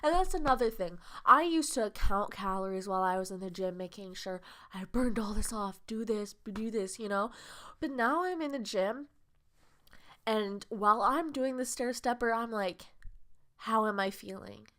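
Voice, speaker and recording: A woman's voice: on the high side, lively intonation, normal speed, a bit bright. A young woman vlogger talking in a casual podcast monologue, earnest and rambling, with a heartfelt, confessional way of speaking.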